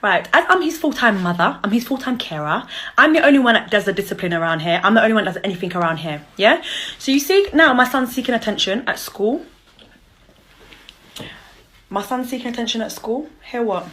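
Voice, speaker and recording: A woman's voice: fairly high pitch, animated, a little fast, fairly bright tone, a little hiss or hum. A young woman ranting and cussing in an angry call-out vlog. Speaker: vlogger, mother.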